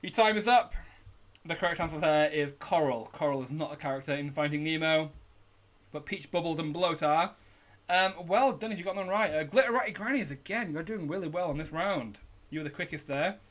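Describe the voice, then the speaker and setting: A British man with a slightly high voice hosts a live online pub quiz. He keeps an upbeat tone as he reads out questions and shout-outs to teams, recorded at a home streaming setup. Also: a little fast. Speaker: quiz host.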